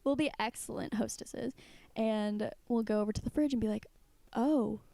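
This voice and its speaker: Podcast co-host, woman, 20s; warm, relaxed tone, giggly and rambling. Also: on the high side, fairly quick, vocal fry, dry recording. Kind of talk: casual chat.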